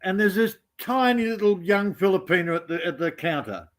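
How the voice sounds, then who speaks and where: Australian man, high-pitched, easygoing storyteller with a teasing edge. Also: lively intonation, a little fast. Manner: rambling, teasing anecdotes. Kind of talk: casual storytelling chat.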